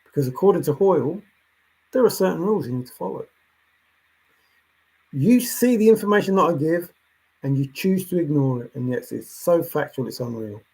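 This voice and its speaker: Brief: male solo commentator, slightly high and husky, preachy rant that swings quiet to loud. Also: expressive, normal speed, long pauses, poor audio. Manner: lecturing, insistent, repeats himself, swings between soft and loud. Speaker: treasure hunt commentator. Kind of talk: ranting monologue.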